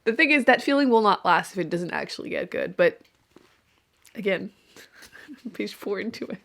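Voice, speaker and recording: A woman's voice: mid-range voice, lively intonation, normal speed, gravelly, a bit bright. A woman book vlogger chatting casually at home to a microphone, giggly and self-deprecating as she reacts to what she reads. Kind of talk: casual reading vlog chat. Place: indoor room at home.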